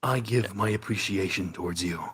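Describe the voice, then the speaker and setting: A man playing a stoic deep-voiced antihero. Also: moderate pace, a bit bright, husky, heavily acted. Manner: formal, stiff and reserved. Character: brooding stoic male cartoon hedgehog antihero. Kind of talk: fan role-play Q&A.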